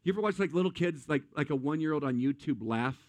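A man preaching to a crowd, quick to joke and to act out little scenes in borrowed voices. His voice sits a little high for a man and sounds close and dry, with almost no room sound. He keeps throwing questions at the audience. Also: dry recording. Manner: animated, acts out voices and asks the crowd questions. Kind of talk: humorous sermon.

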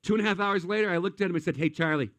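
A man's voice: high-pitched, very fast, a bit bright, no room sound. A middle-aged man, a pastor, preaching a sermon with humorous, self-deprecating stories.

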